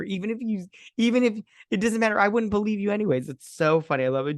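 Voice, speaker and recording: On a movie review show where the hosts drink as they talk, this co-host speaks in a slightly high voice, briskly and with hardly any pauses. He rambles, swears, and acts out scenes in a raised voice. The studio sound is clean with no room sound.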